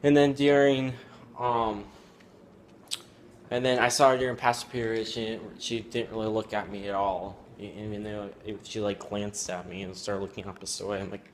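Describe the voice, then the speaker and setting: A teenage boy telling a personal story at home, rambling and halting with many fillers. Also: fairly low pitch, flat delivery, a little hiss or hum. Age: teens. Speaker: student vlogger. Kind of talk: casual storytelling.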